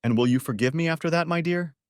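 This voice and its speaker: A man reading a story aloud, voicing an emotional, tearful wife with shrill, pleading outbursts. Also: quick pace, dry recording, clean studio sound, natural voice. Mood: anxious.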